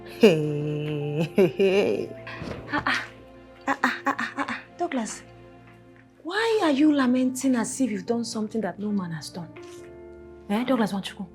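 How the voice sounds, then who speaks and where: Mocking Nigerian wife. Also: female voice, mid-range voice, sing-song, a little slow, long pauses, soft background music. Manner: mocking, dramatic outbursts. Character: defiant sharp-tongued young wife. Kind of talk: film drama acting.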